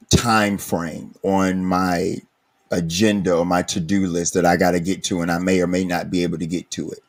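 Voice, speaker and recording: A man hosting a recovery podcast, talking in an earnest, reflective way. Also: sits low. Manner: earnest, reflective, speaks slowly at times. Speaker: podcast host.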